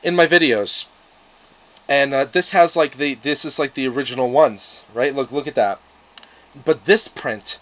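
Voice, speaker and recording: A man's voice: a little high, a bit bright, rough recording. A young man talking casually in a vlog about comics, rambling with lots of fillers and restarts, now and then swearing. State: out of breath. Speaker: YouTube comics reviewer.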